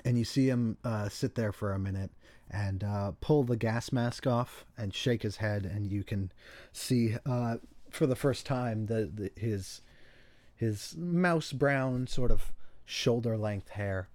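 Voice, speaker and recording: A man narrating a tabletop game as game master, with many pauses and restarts. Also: on the low side, darkish tone, dry recording. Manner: hesitant, many ums and restarts.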